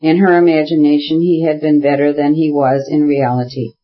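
A man narrating a classic novel as an audiobook, in a measured, even reading. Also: on the high side, dull audio. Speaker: audiobook reader. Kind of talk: scripted narration.

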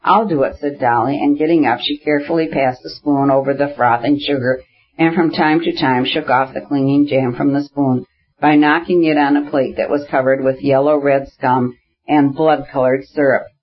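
A man narrating a novel in a steady, measured reading. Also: mid-range voice, dull audio. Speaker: audiobook narrator. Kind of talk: scripted narration.

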